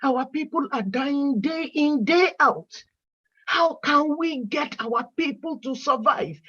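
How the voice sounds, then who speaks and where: A woman's voice: high voice, takes it slowly, a bit bright, dull audio. A woman speaking with emotion on a video call, pleading and asking the same questions again and again. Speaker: caller in an online meeting. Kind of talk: impassioned plea.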